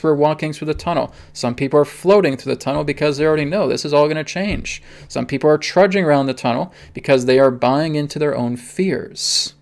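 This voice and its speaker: Emphatic gravelly-voiced man hosting a livestream. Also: a little high. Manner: emphatic, repeats "okay?" often. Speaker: spiritual reader and host. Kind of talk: live stream talk and Q&A.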